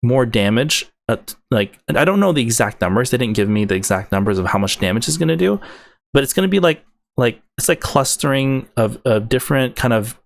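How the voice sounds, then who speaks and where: A man's voice: medium pitch, animated, fairly quick, vocal fry. A man hosting a gaming video, breaking down game updates in an enthusiastic, rambling way with many fillers and restarts.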